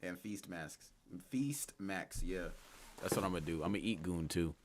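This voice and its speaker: A man's voice: low-pitched, moderate pace, slight background noise. A man livestreaming and chatting casually with his viewers, talking in slang, rambling and laughing often. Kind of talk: casual stream chat, reading chat aloud.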